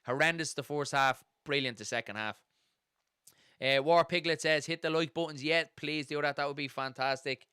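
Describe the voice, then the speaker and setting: An Irish man hosting a live football watchalong, chatting casually and reading out viewer comments at a fast, excited clip. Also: fairly high pitch, smooth, dry recording, studio quality. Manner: fast-talking, gets excited and carried away. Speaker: host of a football watchalong stream.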